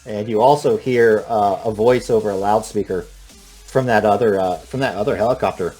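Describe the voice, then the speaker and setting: A man's voice: on the low side, moderate pace, dark tone, breathy edge, soft background music. A man running a tabletop game as game master, narrating in a loose, rambling way with many fillers.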